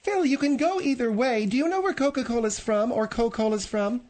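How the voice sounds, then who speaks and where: A woman's voice: high voice, animated, a little fast, a little mellow. A woman co-hosting a radio talk show, stubbornly needling the host.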